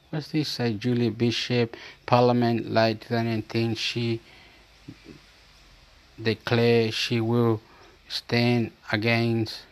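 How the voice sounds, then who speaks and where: Smooth and mid-range, a Chilean man's voice wanders through a casual monologue that keeps circling back on itself. Now and then he reads snippets off a screen.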